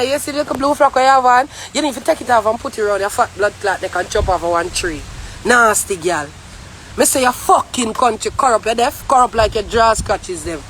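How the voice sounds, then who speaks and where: Very high bright-voiced woman, Jamaican accent. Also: a little hiss or hum. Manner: angry, profane, often shouting. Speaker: vlogger. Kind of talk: heated ranting monologue.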